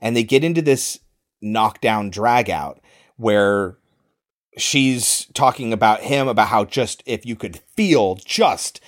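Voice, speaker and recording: A man co-hosting a podcast, casually recapping a movie and acting out the characters' lines. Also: medium pitch. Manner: animated retelling, swears, acts out quoted lines. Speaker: podcast co-host.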